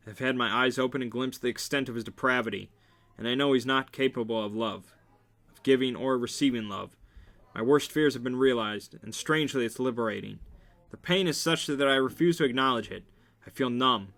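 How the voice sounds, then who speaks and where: A man's voice: mid-range voice, a little fast, a bit bright. A man reading a romance novel aloud in a casual amateur way, with small slips and restarts. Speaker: reader.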